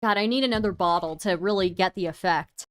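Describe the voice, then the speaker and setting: A woman's voice: medium pitch, fairly quick, a little hiss or hum. A young woman streaming, reacting to clips in casual commentary, sarcastic and exasperated, swearing freely.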